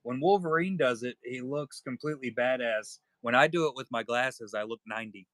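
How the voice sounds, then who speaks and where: A man's voice: medium pitch, a little fast, a bit bright, no echo. A man hosting a live-stream card sale, chatting casually and joking with viewers. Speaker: livestream seller host.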